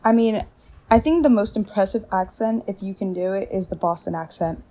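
A woman's voice: medium pitch, a little fast, mellow. American woman from New Jersey, upbeat talk-show guest. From New Jersey, USA. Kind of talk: casual chat.

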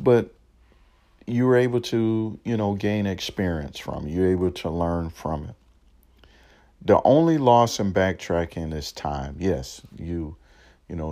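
Very deep, slow, mellow-voiced man. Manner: rambling, lots of fillers and restarts; encouraging, motivational. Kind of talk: casual reflective monologue.

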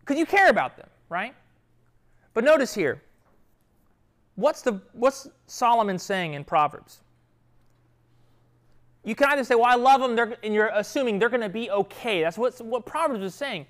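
A man's voice: sits high, animated, moderate pace, long pauses, a bit bright. A man with young children, teaching an interactive Bible lesson to a youth group and often checking in with "right?" and "okay?". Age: adult with children.

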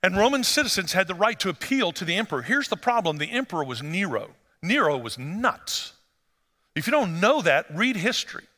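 A man preaching a sermon as pastor, conversational and storytelling, rising to animated emphasis. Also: high voice, in a large hall.

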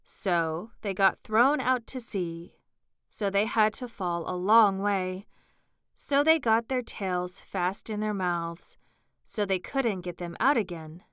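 A woman voicing an impatient, know-it-all male Gryphon in a storybook reading, brisk and solemn. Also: mid-range voice, fairly bright tone, smooth, no echo, studio quality.

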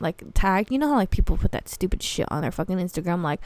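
A young woman tells a story in a blunt, animated way, full of slang and swearing. Her voice is smooth and clear. The sound is close and dry. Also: fairly low pitch, a little fast, dry recording. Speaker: podcast host. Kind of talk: casual storytelling monologue.

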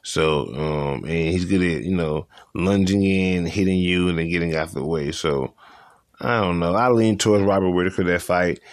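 A man's voice: low voice, steady tone, moderate pace, no room sound, studio quality. A young man hosting a casual solo podcast, talking in a loose, slangy way and repeating himself as he goes over fights. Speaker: podcast host.

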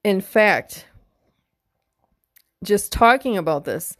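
A middle-aged woman talks straight into the mic in a relaxed solo podcast, candid and heartfelt, with plenty of casual swearing. Her voice sits at an ordinary pitch for a woman. The sound is close and dry, with no room around it. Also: slow pace, dry recording. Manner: emotional, openly tearful at times. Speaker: podcast host.

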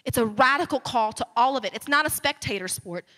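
A woman from the United States preaches a sermon, her high, bright voice animated and a little fast. She moves from conversational talk into fervent emphasis, with the long reverb of a large church hall ringing behind her.

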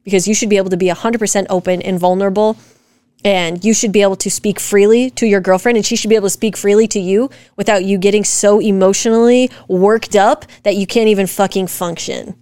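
Smooth-voiced woman ranting directly. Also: mid-range voice, quick pace, no echo. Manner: animated, direct and profane, rants with rising emphasis. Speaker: co-host, wife. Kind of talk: casual podcast chat reacting to comments.

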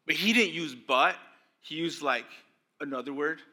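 A young man preaches a sermon in a very bright, forceful voice that sits a little high for a man. He talks in a loose, conversational way, full of asides to the congregation. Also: normal speed. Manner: conversational, animated, acts out voices of religious leaders. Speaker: pastor.

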